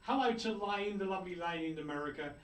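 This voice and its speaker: Talking fast, this radio host keeps things jokey and chatty on air, his pitch bouncing as he reads listeners' messages and greetings. The sound is roomy, with a far-off mic and faint noise.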